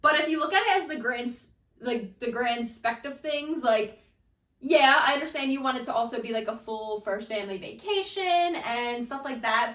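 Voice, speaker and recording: A woman's voice: fairly high pitch, a bit bright, reverberant, recorded from a distance. A woman hosting a casual commentary on online stories, chatty and frank, talking straight to her viewers. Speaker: host.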